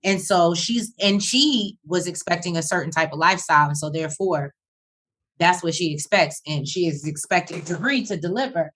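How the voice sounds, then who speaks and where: A woman, co-hosting a casual review and recapping scenes in a relaxed, chatty way. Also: on the low side, moderate pace. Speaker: co-host reviewing a reality show. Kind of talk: casual chat.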